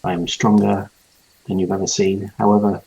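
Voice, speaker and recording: A man voicing a boastful male dark elf sports player in a tabletop role-play, speaking in his own voice in a halting way. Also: lowish voice, level tone, creaky, slightly rough, dull audio. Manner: slow, halting, giggly.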